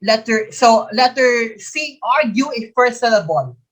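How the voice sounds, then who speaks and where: A woman with a Filipino accent coaches a live online exam review quiz, repeating each question and answer and slipping into Tagalog. Her voice is fairly high and fairly bright, with lively intonation and an unhurried pace.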